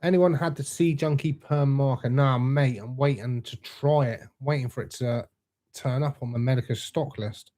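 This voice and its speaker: A man's voice: mid-range voice, moderate pace, dark tone. A young man hosting a live stream, chatting casually and reading out viewer comments in a laid-back, matey way.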